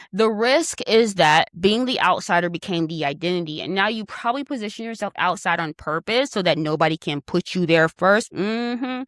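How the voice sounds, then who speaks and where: A woman's voice: medium pitch, fairly bright tone, no echo, studio quality. A young woman, hosting a casual astrology talk in a chatty, teasing manner with affectionate asides. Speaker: astrology host.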